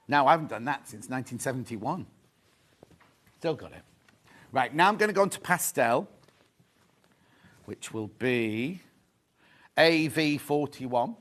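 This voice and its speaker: A middle-aged man hosting a live fabric sales show, chatting excitedly and teasing the crew. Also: medium pitch, a little slow, pauses often. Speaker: shopping show host.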